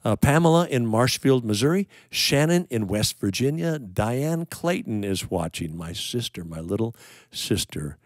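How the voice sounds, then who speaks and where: A man's voice: medium pitch, big pitch swings, no echo, clean studio sound. An older American man hosting a livestream, chatting casually and rambling as he greets viewers, with plenty of uh and um. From United States. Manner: rambling, folksy, pauses with uh and um. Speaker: worship livestream host.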